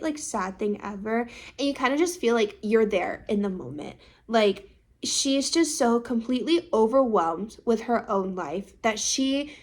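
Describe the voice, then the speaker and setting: A young woman in her twenties recaps an episode in a loose, chatty vlog. Her voice sits high, and she tells the story with lively, expressive energy and drops in casual swears. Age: 20s. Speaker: vlogger.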